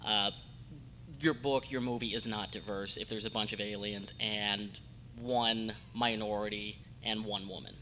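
A man from the United States moderating a fan panel discussion, speaking in a thoughtful, measured way and taking questions from the audience. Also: on the low side, steady tone, bright, forceful tone, slight background noise, low-quality recording.

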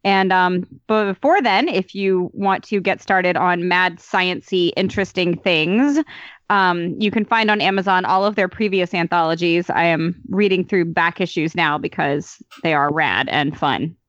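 A woman's voice: fairly low pitch, a little slow, fairly bright tone, no room sound, dull audio. A woman in casual podcast chat, upbeat and recommending things with light fillers.

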